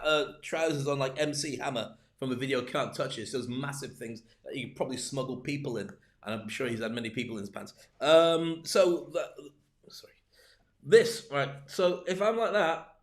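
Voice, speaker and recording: A man's voice: a little high, a little fast. A man coaching on public speaking in a livestreamed talk, full of joking, rambling asides.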